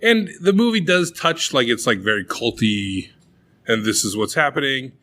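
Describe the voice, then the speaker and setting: Animated, swearing young man. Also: mid-range voice, normal speed, slight background noise. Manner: profane, animated retelling with acted-out quotes. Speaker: podcast co-host. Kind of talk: casual chat.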